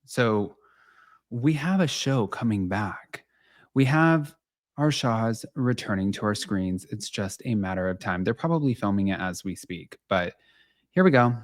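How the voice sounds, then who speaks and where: A man's voice: lowish voice, unhurried, no room sound. Chatty male gossip host, dry sound. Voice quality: slightly nasal today. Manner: chatty, animated, addresses viewers directly. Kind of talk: casual celebrity gossip chat.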